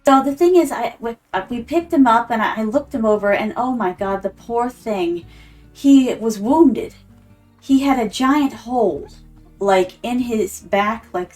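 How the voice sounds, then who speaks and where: Chatty woman streamer, slightly distant mic. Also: fairly high pitch. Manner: chatty, acts out quoted voices. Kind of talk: casual storytelling while gaming.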